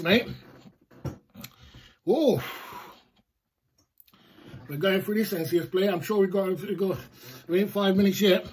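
Husky guy on a livestream, kinda high voice, rambling and bragging. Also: darkish tone. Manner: boastful, loose and rambling. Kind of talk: casual livestream chat.

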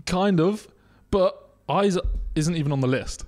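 This young podcast co-host's voice sits high with a darkish tone, and he speaks unhurriedly. Casual and teasing toward his friend, he laughs a lot and reads survey data aloud.

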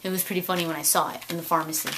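A woman in her late twenties talks straight to camera in a relaxed home vlog, her voice sitting a little low for a woman. She rambles, stumbles over repeated words and breaks into laughter as her stories build. A faint hiss of noise runs under the recording. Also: very fast. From California. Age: 20s. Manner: excitable storytelling, gushing, laughs often, repeats words. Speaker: vlogger. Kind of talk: casual chat to camera.

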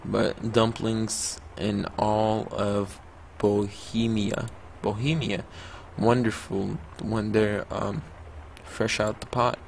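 A man voicing a kindly, wistful male innkeeper, reading the game dialogue slowly in his own voice. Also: fairly low pitch, flat delivery, vocal fry, slight background noise.

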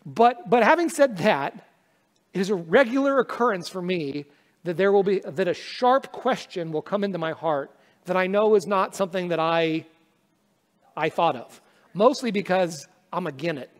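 A man with a high voice leads a prayer and preaches a sermon in an earnest, conversational manner, with touches of self-deprecating humor. His voice rings with the long reverb of a church hall. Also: expressive, normal speed. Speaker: pastor. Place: church sanctuary.

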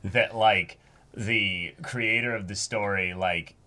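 A man's voice: lowish voice, steady tone, takes it slowly, pushed and bright. A man co-hosting a casual anime reaction chat, thinking aloud and restarting his sentences as he trails into asides. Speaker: co-host.

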